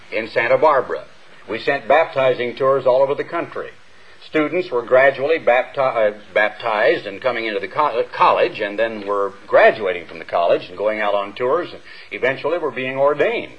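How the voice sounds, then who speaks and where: Older minister preaching on lo-fi radio. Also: male voice, medium pitch, slightly rough. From United States. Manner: earnest, measured, with emphatic rises and pauses. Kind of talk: sermon. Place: church hall before a congregation. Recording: dull lo-fi radio broadcast.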